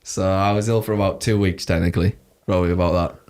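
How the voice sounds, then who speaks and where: A man's voice: low-pitched, steady tone, quick pace, a little mellow. A young man, chatting casually as podcast co-host, rambling and laughing often. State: recovering from a cough. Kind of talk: casual chat.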